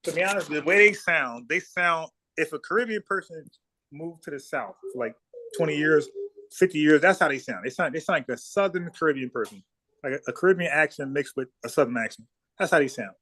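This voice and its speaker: In a casual, heated livestream debate, a South Carolina host speaks a little fast in a high-ish voice with a sharp tone. He's blunt and profane, and he repeats words as he gets fired up.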